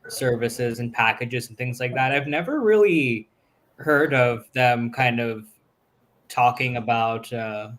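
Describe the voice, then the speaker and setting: A man's voice: medium pitch, takes it slowly, a bit bright. A man co-hosting a casual podcast, introducing a topic with hesitant fillers and thinking aloud. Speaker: podcast co-host. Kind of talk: casual chat.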